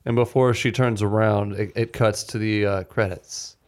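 Man with a smooth, resonant voice. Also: fairly low pitch. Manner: animated, quick bursts with restarts. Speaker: podcast co-host. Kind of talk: casual film-discussion chat.

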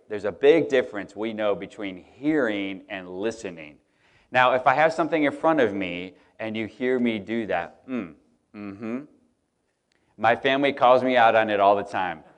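A man preaching a casual, joking sermon to his congregation, speaking. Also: mid-range voice. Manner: relaxed, joking, chatty with the congregation. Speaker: pastor. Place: church auditorium.

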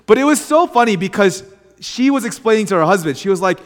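A young adult man preaching as a pastor, telling a story in a chatty, animated way. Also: sits high, fast talker. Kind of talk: sermon with casual storytelling. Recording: long hall reverb.

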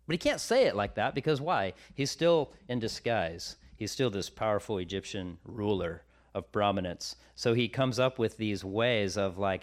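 A man's voice: fairly low pitch, lively intonation, normal speed, few pauses. A man preaching a sermon, reading scripture and retelling it in casual everyday slang.

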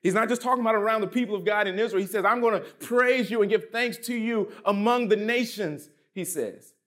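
A man preaching a sermon as pastor, reading scripture and pressing his points with emphatic drops in pitch and volume. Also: fairly quick, a bit bright.

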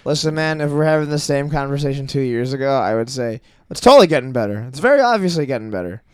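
A young man in a casual podcast chat, getting worked up and swearing as he talks. His voice is clear and resonant. It sits at a middle pitch and sounds dry and close to the mic. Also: fast, no echo. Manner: animated, ranting, swears freely. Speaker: podcast guest.

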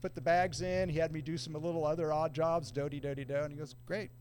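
A man's voice: on the high side, flat delivery, quick pace, darkish tone. Laid-back surfer man telling stories. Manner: laid-back surfer talk, acts out quoted voices. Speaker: podcast guest. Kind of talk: casual storytelling.

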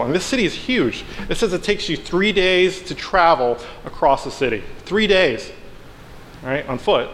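A man delivers a relaxed, conversational sermon and slips into the characters' voices as he retells the story. His voice sits a little higher than most men's. It carries a long reverb from the hall, with faint noise underneath. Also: moderate pace. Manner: animated storytelling, acts out characters with playful asides. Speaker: preacher. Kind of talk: casual sermon.

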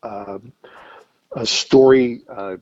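A man's voice: mid-range voice, steady tone, drawn-out words, darkish tone, no room sound, lo-fi sound. A middle-aged man talking casually as an interview guest about music, thoughtful and hesitant, with many fillers and restarts. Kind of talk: casual interview over a call.

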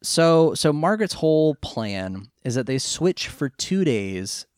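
A man's voice: fairly high pitch, takes it slowly, clear, resonant tone, no echo, studio quality. A man co-hosting a casual podcast, recapping a movie plot with jokes. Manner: animated, jokey, recapping plot. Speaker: podcast co-host.

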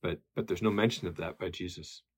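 A man's voice: low voice, fairly quick, husky. A man teaching a Bible study lesson in a conversational way, with many fillers and tag questions.

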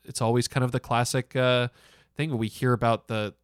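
A young man co-hosting a casual podcast chat, animated and laughing often, with plenty of fillers. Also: medium pitch, normal speed, clean tone, dry recording, studio quality. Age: young adult. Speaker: podcast co-host.

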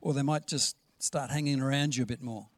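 A man's voice: medium pitch, steady tone, fairly quick, dry recording. A man preaching a sermon in a conversational, storytelling way, acting out the dialogue he quotes. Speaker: pastor.

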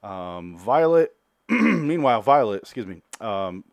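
A man's voice: fairly low pitch, sing-song, slow pace, dry recording, clean studio sound. A man giving a casual, rambling, sarcastic TV episode recap and swearing freely. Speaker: TV recap host.

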